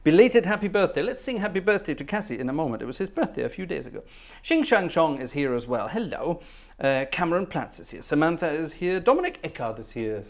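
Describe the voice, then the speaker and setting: A fairly high-voiced man hosting a live organ concert stream, welcoming viewers by name in an easy, rambling way. His pitch leaps about expressively, and he hums little tunes to himself between greetings. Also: very animated, quick pace, creaky. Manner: chatty, humming and trailing off between greetings. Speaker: livestream organ concert host. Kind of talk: casual livestream chat greeting viewers. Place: at the organ console.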